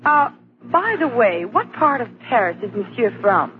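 Sarcastic young model, high and bouncy, muffled old radio with faint hiss. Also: female voice, big pitch swings, moderate pace. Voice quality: dry, sarcastic. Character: sharp-tongued young woman, dress model. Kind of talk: 1940s radio comedy acting.

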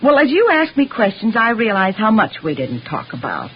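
A flustered neighbour being questioned in a vintage radio drama. Her voice is very breathy and swings widely in pitch as she hesitates and defends herself. The recording is dull and lo-fi. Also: huge pitch swings, normal speed, full character voice. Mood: defensive. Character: nervous, evasive woman neighbour. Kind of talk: 1940s radio acting.

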